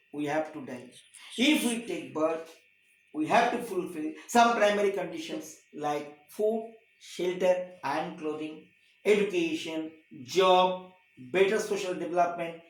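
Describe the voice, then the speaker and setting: A man teaching a class, stressing points with long repeated lists and wide swings in pitch and loudness. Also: reverberant, low-quality recording. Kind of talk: classroom lecture.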